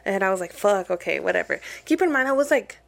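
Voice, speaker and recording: A woman's voice: mid-range voice, animated, fast, gravelly. A young woman co-hosting a podcast, telling a story in casual chat with lots of swearing and Spanish phrases mixed in. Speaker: podcast co-host.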